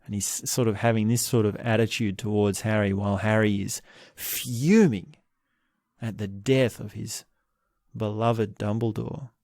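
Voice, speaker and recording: A man hosting a podcast, giving a slow, reflective commentary on a book series, often pausing and restarting his sentences. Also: lowish voice, steady tone, darkish tone, no room sound, studio quality. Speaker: podcast host.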